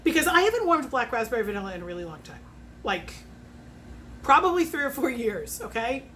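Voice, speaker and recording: A talkative woman in her fifties with a slightly high voice, chatting casually at home. She swears freely and works through prices out loud, and a faint hiss sits under her voice. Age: 50s. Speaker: home fragrance consultant. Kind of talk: casual chat.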